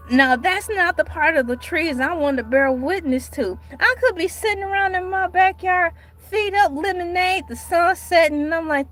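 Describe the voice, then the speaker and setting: A woman chatting casually on her livestream, animated and dramatic, with sudden cries and mock outrage. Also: very high-pitched, moderate pace, hardly any pauses, soft background music. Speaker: livestream host.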